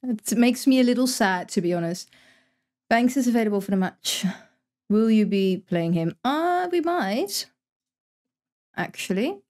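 A woman's voice: mid-range voice, moderate pace, darkish tone. A young Dutch woman with a Dutch accent, chatting casually as she streams a game, reading chat aloud and answering with wry asides. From Netherlands. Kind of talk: casual gameplay commentary to live chat.

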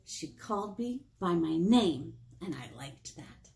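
A woman's voice: on the low side, takes it slowly, vocal fry, hardly any pauses. A woman librarian reading a picture book aloud at storytime, with playful gasps and exclamations for children. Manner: animated, exclamatory, gasping for effect.

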